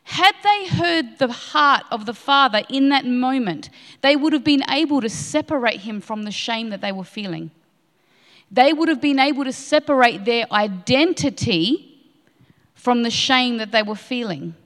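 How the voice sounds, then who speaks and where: A woman's voice: on the high side, animated, normal speed, a bit bright. A woman preaching a sermon with passion, repeating key lines for emphasis. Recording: long hall reverb.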